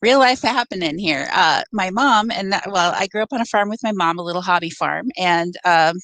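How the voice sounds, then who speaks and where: Woman guest, animated anecdote teller, dry close sound. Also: on the low side, normal speed, no room sound, low-quality recording. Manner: animated, laughing storyteller. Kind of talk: casual storytelling.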